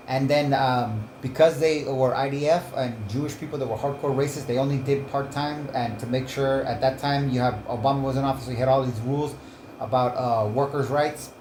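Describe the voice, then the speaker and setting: A man's voice: mid-range voice, darkish tone, slight background noise. A man giving rambling, profane casual commentary as he reacts to clips, often breaking off and restarting his sentences. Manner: meandering, profane, self-interrupting. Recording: roomy echo.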